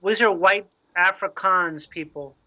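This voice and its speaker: Bright, high-voiced man on a dull line. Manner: halting, explains slowly with restarts. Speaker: podcast guest. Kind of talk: casual chat. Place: calling in from abroad.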